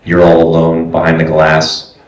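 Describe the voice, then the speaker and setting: A man and voice actor giving a convention panel talk, animated and acting out quoted directors and clients. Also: a bass voice, normal speed, soft background music. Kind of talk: casual panel talk with audience questions. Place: convention hall. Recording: echoey hall, voice picked up from far off.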